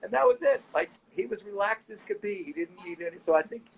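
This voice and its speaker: A middle-aged man in a casual interview, telling animated anecdotes and quoting people as he goes. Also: sits high, fast talker, vocal fry, slight background noise, low-quality recording. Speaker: nightlife owner and guest.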